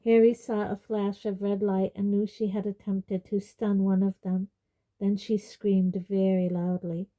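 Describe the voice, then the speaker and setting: A woman reading a fantasy novel aloud in a measured audiobook narration. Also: medium pitch, flat delivery, muffled recording. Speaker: reader.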